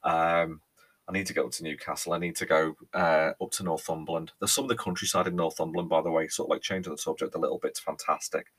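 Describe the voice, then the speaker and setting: Man, Merseyside accent, very low voice, rambling podcast chat, lots of ums. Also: level tone, quick pace, fairly bright tone, husky. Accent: Merseyside with a faint Cheshire lilt. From Ellesmere Port, England. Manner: chatty and rambling, with frequent ums and repeated words. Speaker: podcast host. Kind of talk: casual solo podcast monologue.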